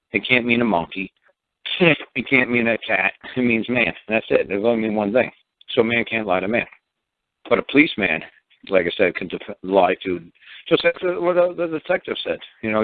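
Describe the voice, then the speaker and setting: A man with a New York accent holds forth on a call-in radio show in a blunt, profane, rambling way. His voice sits on the low side. The sound is dry and squeezed, like a phone line. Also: no room sound. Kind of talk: casual radio call-in talk.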